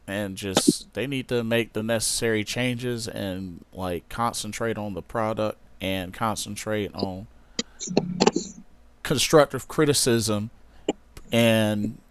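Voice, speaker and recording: A man's voice: on the low side, slow pace, a little hiss or hum. Hesitant man co-hosting a podcast. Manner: agreeable, hesitant, many fillers. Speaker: podcast co-host. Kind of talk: casual wrestling podcast chat.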